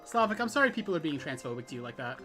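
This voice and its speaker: A woman's voice: deep voice, sing-song, rapid-fire, fairly bright tone, soft background music. A woman co-hosting a game stream, chatting in a teasing, laid-back way. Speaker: streamer co-host. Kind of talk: casual game-stream chat.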